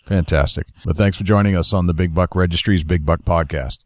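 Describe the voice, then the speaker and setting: Host: easygoing man, deep voice, dry close sound. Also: a little fast, darkish tone, no echo. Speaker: podcast host. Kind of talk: casual podcast chat.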